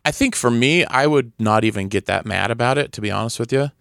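A man's voice: medium pitch, brisk, creaky, a bit bright, dry recording, clean studio sound. A man telling stories in a casual chat, laughing often and acting out the people he quotes. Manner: storytelling, laughs often, acts out quoted voices.

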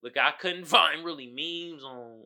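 A man's voice: a little high, a little slow, bright, forceful tone. A man hosting a podcast in casual comedic chat, laid-back and slangy, laughing often and calling his listeners y'all. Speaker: podcast host.

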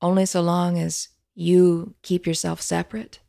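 A woman's voice: lowish voice, flat delivery, measured pace, gravelly, dark tone, no echo, studio quality. A woman voicing an earnest, respectful young woman seeker speaking to a spirit.

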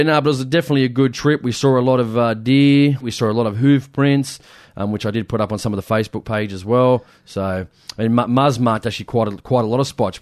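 A man's voice: mid-range voice, darkish tone, no echo, clean studio sound. A man with an Australian accent, co-hosting a casual chat and telling a long story, full of fillers and acted-out quotes. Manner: rambling, lots of fillers, acts out quotes. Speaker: podcast co-host.

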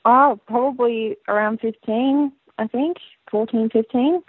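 A woman with an Australian accent, a band singer chatting as an interview guest, relaxed and rambling with lots of fillers. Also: fairly high pitch, measured pace, slightly rough, no room sound. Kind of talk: casual interview chat. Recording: tinny phone line.

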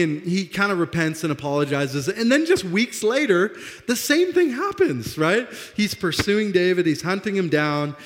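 A young man preaching a sermon as pastor, with a slight lisp, animated and self-deprecating, acting out the dialogue. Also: high-pitched, normal speed. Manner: animated, laughs at himself, acts out dialogue. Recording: long hall reverb.

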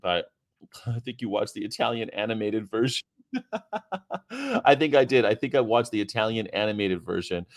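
A man's voice: lowish voice, big pitch swings, moderate pace, long pauses. A man hosting a casual livestream, chatting and reading out history items in a rambling, profane way. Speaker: host.

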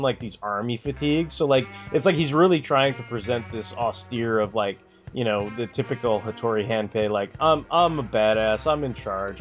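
A man's voice: mid-range voice, highs cut off. A man co-hosting a podcast, chatting casually in a rambling way with lots of fillers and swearing. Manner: rambling, filler-heavy, profane. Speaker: podcast co-host. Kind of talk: casual chat.

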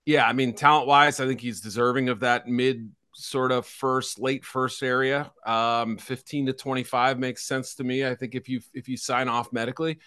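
A man's voice: mid-range voice, level tone, normal speed, hardly any pauses, bright, forceful tone, clear, resonant tone, no echo, studio quality. A middle-aged man co-hosting a casual football draft talk, chatty and hedging, with a self-deprecating streak. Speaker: football draft analyst co-host.

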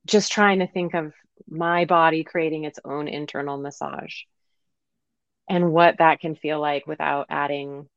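A woman manual therapist speaking as a podcast guest in gentle, reflective conversation, laughing easily. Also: deep voice, steady tone, unhurried, no room sound. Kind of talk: casual conversation. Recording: slightly muffled dry sound.

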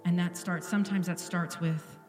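A woman's voice: medium pitch, unhurried, darkish tone, echoey room, long reverb tail, soft background music. A woman pastor giving an earnest, intimate sermon in a church, at times dropping to a whisper. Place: church sanctuary.

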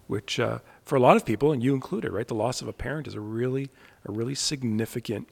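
A man interviewing a guest, speaking in a reflective, halting way with frequent restarts. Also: medium pitch, creaky, a little mellow, big-room sound. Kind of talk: conversational interview.

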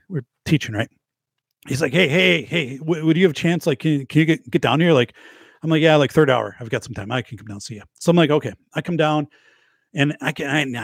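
A man's voice: medium pitch, gravelly, husky, dry recording, studio quality. A man in his forties, a podcast host telling a rambling story in casual livestream chat, full of restarts and repeats. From Wisconsin, US. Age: 40s. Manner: rambling, self-interrupting storyteller with many restarts.

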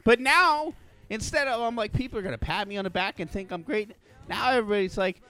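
A man hosting a podcast, telling a story in a profane, animated rant. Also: high voice, fast, clear, resonant tone. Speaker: podcast host.

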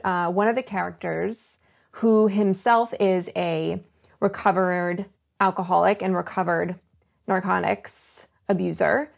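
Woman podcast host in her 30s, mid-pitched with a gravelly fry, earnest and confessional. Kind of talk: solo podcast monologue.

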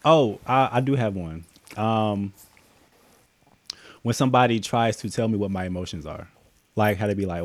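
A man's voice: on the low side, moderate pace. A man hosting a casual group chat, laid-back and slangy, laughing often.

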